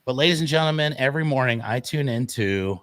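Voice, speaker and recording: A man's voice: medium pitch, expressive, fast, fairly bright tone. A man co-hosting an online morning show, chatting casually and telling stories straight to his viewers. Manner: chatty, tells stories and talks to "folks". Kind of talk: casual chat.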